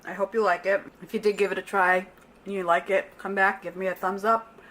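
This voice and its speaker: A woman's voice: mid-range voice, flat delivery, a little fast, fairly bright tone. A middle-aged woman talking through a home cooking demonstration in a casual, unpolished way, often stopping to correct herself. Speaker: home cook vlogger. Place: home kitchen. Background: clinking pots, pans and cutlery.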